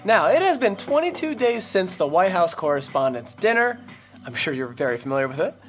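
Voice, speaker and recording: A woman interviewing from off camera, firing playful questions at a quick clip. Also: fairly low pitch, big pitch swings, faint music behind. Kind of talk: upbeat rapid-fire questioning.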